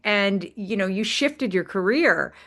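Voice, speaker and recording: A woman's voice: medium pitch, expressive, measured pace, a bit bright. A woman hosting an interview who asks her questions with enthusiastic, admiring remarks. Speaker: interview host.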